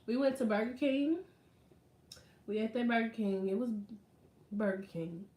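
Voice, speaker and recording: A woman vlogger in casual chat, telling stories in an animated, slangy way. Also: on the high side, a little slow. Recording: roomy echo.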